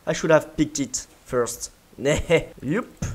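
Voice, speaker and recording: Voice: medium pitch, expressive, slow, few pauses. A gaming video creator giving playful let's-play commentary, full of yelps, giggles and mouth sound effects.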